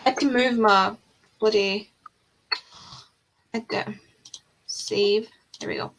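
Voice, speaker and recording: Chatty woman with vocal fry. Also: medium pitch, steady tone, slow, a little hiss or hum, low-quality recording. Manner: chatty, rambling, with frequent ums and mild swearing. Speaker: livestream host of reading sprints. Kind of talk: casual chat.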